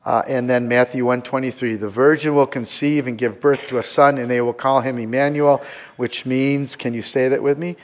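A man's voice: mid-range voice, fairly even intonation, normal speed. Guy pastor giving a sermon, earnest, lots of uh's, kinda muffled lo-fi sound. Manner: earnest, with frequent fillers and repetitions.

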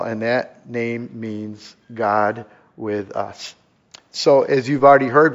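A male pastor delivers a sermon to his congregation in a mid-pitched, earnest voice. He repeats words for emphasis and fills pauses with soft "uh"s. The recording sounds a little dull and lo-fi. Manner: earnest, with frequent fillers and repetitions.

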